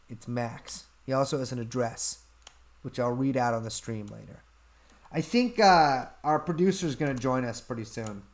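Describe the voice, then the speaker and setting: A man hosting a casual livestream, reading out chat questions and answering them in an offhand, deadpan way at a desk mic. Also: medium pitch. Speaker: podcast host answering chat.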